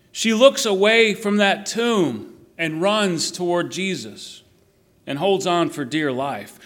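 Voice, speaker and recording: A middle-aged man preaching an Easter sermon, with slow, emphatic repetition and quiet, falling line endings. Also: high voice.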